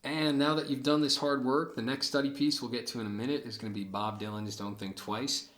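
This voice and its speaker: A man's voice: mid-range voice, flat delivery, fairly quick, a bit bright. A man giving a casual guitar lesson, explaining patterns and counting beats aloud as he plays. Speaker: guitar teacher. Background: acoustic guitar playing.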